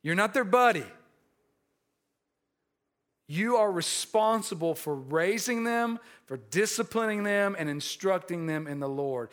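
High-pitched and measured, the pastor preaches through a personal story. He often restarts and repeats words, swinging between lively passages and quiet, earnest ones.

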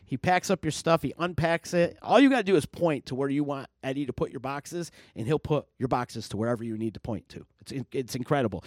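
A man hosting a podcast, loudly plugging local events and sponsors in casual chat. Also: medium pitch, brisk, hardly any pauses, dry recording, studio quality. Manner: energetic, plugs events loudly. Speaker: podcast host.

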